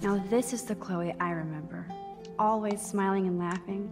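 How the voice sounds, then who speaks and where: A woman voicing a thoughtful teenage girl in a video game, talking in a dry, quietly sarcastic inner monologue. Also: mid-range voice, steady tone, moderate pace, over music, natural voice. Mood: wry.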